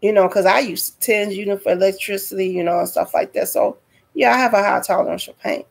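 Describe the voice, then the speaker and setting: A woman's voice: mid-range voice, brisk, vocal fry, breathy edge. A woman telling a dramatic personal story to her viewers in a storytime vlog, speaking directly to them. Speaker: vlogger.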